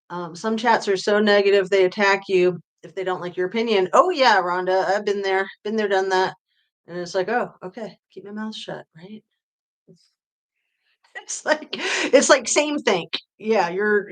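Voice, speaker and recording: A woman hosting a casual livestream, reading viewer comments aloud and answering them, her voice often trailing off quietly at the ends of phrases. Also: mid-range voice. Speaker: true-crime livestream host.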